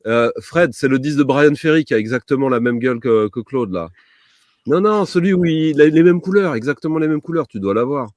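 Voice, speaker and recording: A man's voice: mid-range voice, fast talker, no echo, studio quality. A man, joking and teasing in a casual group chat over a video call. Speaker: guest in a live chat.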